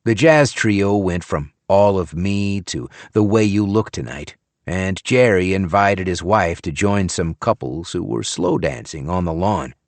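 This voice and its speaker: A man narrating an audiobook thriller in a measured, wry tone. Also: low voice, no room sound. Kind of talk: scripted narration.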